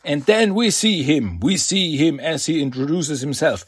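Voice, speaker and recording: A man's voice: a little high, normal speed, breathy edge. A man hosting a podcast, casually recapping a comic with lots of fillers and laughs. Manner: animated, filler-heavy, laughs often. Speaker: podcast host.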